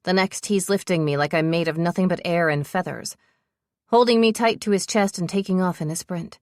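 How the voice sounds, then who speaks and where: Low-voiced woman narrating an audiobook. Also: fairly quick, a little mellow, no room sound, clean studio sound. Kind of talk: first-person romance audiobook narration.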